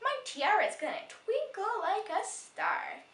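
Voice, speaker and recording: A woman's voice: very high voice, very animated, measured pace, a bit bright, pitched above the performer's own voice, exaggerated voice. A woman voicing a bubbly, cheerful little girl at a sleepover, in a roomy, distant recording.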